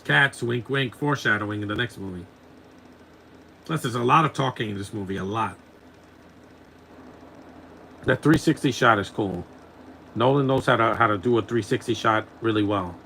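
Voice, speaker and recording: A man's voice: fairly low pitch, moderate pace, creaky, long pauses, pushed and bright, slight background noise, low-quality recording. A man giving casual live commentary over a film, mocking it and chuckling often.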